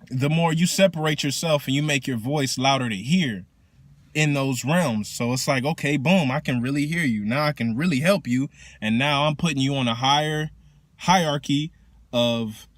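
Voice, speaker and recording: A man who works as a teacher casually explains spiritual practice in slangy, profane, animated talk. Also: fairly high pitch, no echo.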